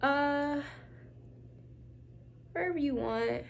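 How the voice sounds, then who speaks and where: Extremely slow and gravelly, her high voice carries through a casual at-home braid tutorial, where the young vlogger laughs often and speaks directly to "girl" and "y'all." Now and then she drops to a near whisper while twisting hair, over slight background noise.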